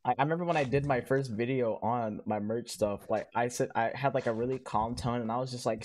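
A teenage man hosting a casual podcast chat, talking in a flat, monotone way and laughing often. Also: medium pitch, brisk, hardly any pauses. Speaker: podcast host.

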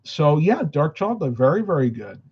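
A tired, slightly winded man talks casually on a live stream. He rambles from one viewer comment to the next in an easygoing way. His voice sits a bit high, and the audio is dull and lo-fi. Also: big pitch swings, a little fast, breathy edge. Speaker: vlogger answering live chat. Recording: muffled lo-fi audio.

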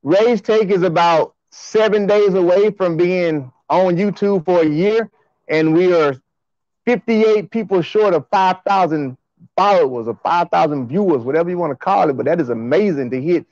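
A man hosting a track and field show, talking to his fans in an excited, slangy, repetitive way on a livestream. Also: high voice, normal speed, no echo, lo-fi sound. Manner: hyped, hollering, slangy and repetitive.

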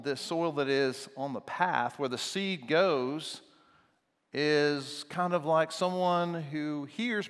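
Animated preacher in a reverberant church. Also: male voice, fairly high pitch. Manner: animated storyteller acting out voices of people. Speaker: pastor. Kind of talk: sermon. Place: church sanctuary. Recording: long church hall reverb.

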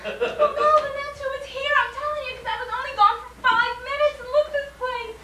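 A woman's voice: steady tone, fairly quick, bright, forceful tone. A woman acting the part of a frantic, rattled wife whose home was just robbed, in a class scene on stage. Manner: shrill, rattled, defensive. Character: frantic middle-aged wife, upset after a burglary. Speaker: acting student. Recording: roomy and distant, faint noise.

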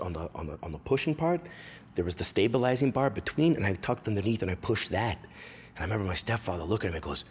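A male comedian telling stories from his youth on stage, profane and animated. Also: sits low, a little hiss or hum. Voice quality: profane, animated, quick shifts into character voices. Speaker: stand-up comedian. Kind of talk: stand-up storytelling. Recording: long echo of a hall.

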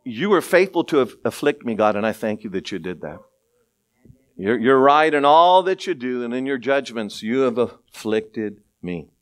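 A middle-aged male pastor preaching a sermon, telling stories with lively acted-out voices and frequent laughter. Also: mid-range voice, moderate pace. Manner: animated storytelling, acts out voices, laughs often.

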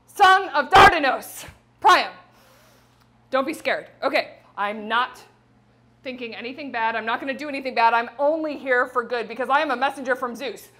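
A woman voicing a reassuring female goddess messenger who rattles off her message quickly and casually. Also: high voice, pushed and bright. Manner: rapid, breezy, reassuring.

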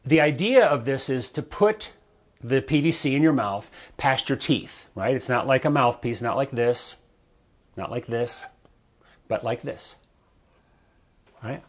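A man teaching a breath-control exercise for brass players in a relaxed, conversational way, often checking in with the listener. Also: medium pitch, moderate pace. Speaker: trombone coach. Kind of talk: instructional video talk. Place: his studio.

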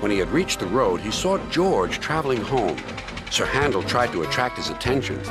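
A man narrating a children's storybook tale in an expressive, scripted way. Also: medium pitch, moderate pace. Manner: expressive, lively delivery. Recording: loud music under the voice.

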